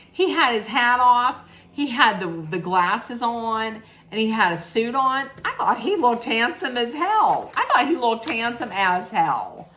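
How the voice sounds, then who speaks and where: A woman's voice: on the high side, a bit bright. A woman recapping a reality show in a chatty, sarcastic way, with laughing asides. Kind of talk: casual chat recap.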